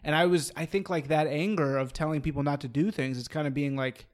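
A man's voice: a little high, fairly even intonation, brisk. A man telling a long story in casual chat, rambling and swearing, restarting his sentences often. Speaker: storyteller in a conversation.

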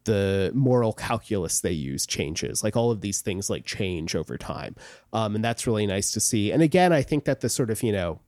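A man's voice: on the low side, sing-song, moderate pace, a little mellow, dry recording, studio quality. A man co-hosting a podcast, talking casually about a novel in a rambling way with many fillers and restarts. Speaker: podcast co-host. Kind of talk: casual book discussion.

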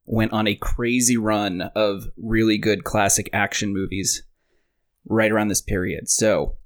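A man hosting a casual movie podcast, sharing trivia in a relaxed, joking way. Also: on the low side, measured pace. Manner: relaxed, shares trivia, jokes around. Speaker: podcast host.

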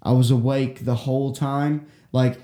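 A man's voice: medium pitch, flat delivery, measured pace, warm tone. A young man telling a long personal story in casual chat, full of swearing and restarts. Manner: profane, rambling storytelling with many restarts. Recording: echoey room.

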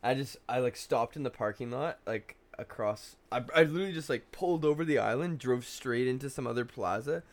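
A man's voice: mid-range voice, fairly quick, few pauses. Rambling young man swearing casually. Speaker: podcast co-host. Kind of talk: casual chat.

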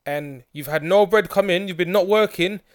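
A young man, co-hosting a casual podcast and talking in an animated way, with lots of agreeing yeahs. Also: high voice, moderate pace, dry recording, studio quality. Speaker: podcast co-host. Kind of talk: casual chat.

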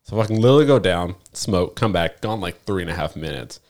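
A man co-hosting a podcast, telling a profane, animated story in casual chat. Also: sits low, fast talker. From Navy veteran. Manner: profane, animated storyteller who acts out quotes. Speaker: podcast co-host.

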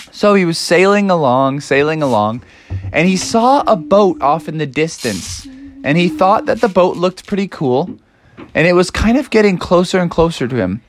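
Young woman, storyteller for children, playful, improvised, lowish voice, very expressive pitch. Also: normal speed, a little hiss or hum.

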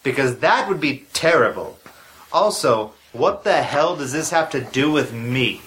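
A man voicing a sarcastic, grumpy adventurer in a comedy audio drama, with a deadpan delivery. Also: mid-range voice, a little slow, slight background noise.

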